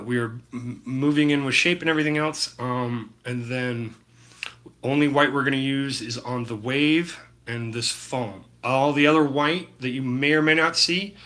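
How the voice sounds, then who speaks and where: A man with a medium-pitched, sharp-toned voice paints on a live stream and chats loosely with his audience. He's relaxed and rambling, swears freely, and speaks to viewers by name.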